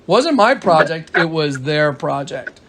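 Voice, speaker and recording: A man's voice: on the high side, very animated, unhurried, a bit bright, slight background noise. A man on a phone call, telling a long story in a casual, rambling way, with many restarts and retold quotes. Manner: retells dialogue in quoted voices. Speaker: caller recounting events.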